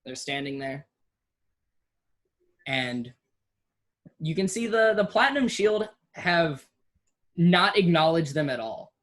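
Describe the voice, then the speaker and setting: A game master narrating a tabletop game, unhurried, with many ums and restarts. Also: mid-range voice, expressive, a bit bright.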